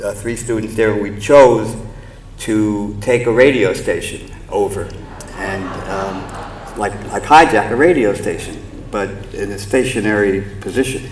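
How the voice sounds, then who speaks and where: An older man with a New York accent tells a rambling story on a theater stage, his low voice full of pauses, "uh"s and restarts. The sound is roomy, with faint hall ambience behind him. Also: a little hiss or hum. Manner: halting, many fillers and restarts, chuckling. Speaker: memorial speaker. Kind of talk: storytelling anecdote at a memorial.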